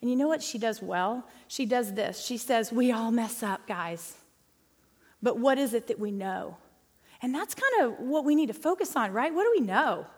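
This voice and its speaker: High-voiced woman teaching in a church hall. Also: lively intonation, normal speed. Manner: chatty, emphatic, addresses audience as guys and y'all. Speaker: women's ministry speaker. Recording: long hall reverb.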